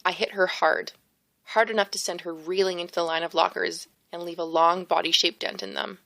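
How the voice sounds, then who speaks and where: A woman reading a first-person novel aloud as an audiobook narrator, steady and expressive, close to the mic. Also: on the low side, fairly quick, gravelly, no room sound. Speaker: audiobook reader.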